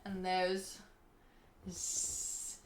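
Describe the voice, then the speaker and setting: A woman's voice: lowish voice, completely flat delivery, extremely slow. A young woman chatting casually on a live stream, reading chat and laughing often. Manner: giggly, chatty, reads chat aloud. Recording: echoey room.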